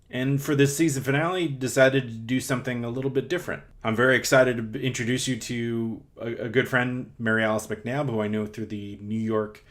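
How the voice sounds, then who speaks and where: A young man hosting a podcast, chatting casually and rambling, with frequent restarts and fillers. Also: lowish voice. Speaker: podcast host. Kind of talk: casual chat.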